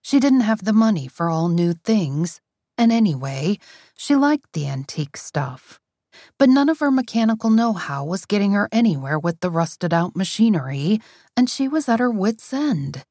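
Woman narrator, mid pitch, animated and wry, dry studio read. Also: normal speed, no echo. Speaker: audiobook narrator. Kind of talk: scripted narration.

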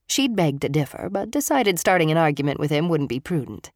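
A woman narrates a novel in a measured, expressive way. Her voice sits low for a woman. The sound is close and dry, with no room around it. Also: no echo. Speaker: audiobook narrator. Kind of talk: scripted storybook narration.

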